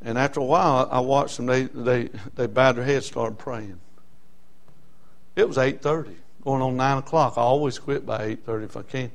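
The speaker is a middle-aged man delivering a sermon, telling homespun tales and often stopping on "uh, uh" fillers as he works up to loud emphasis. He speaks at a medium pitch and moderate pace, with a steady tone and a creaky voice.

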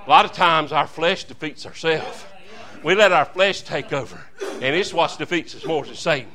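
Male preacher, fervent folksy sermon delivery, forceful and ringing. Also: a little high, moderate pace. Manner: fervent, folksy, calls to the congregation. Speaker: visiting preacher. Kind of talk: revival sermon.

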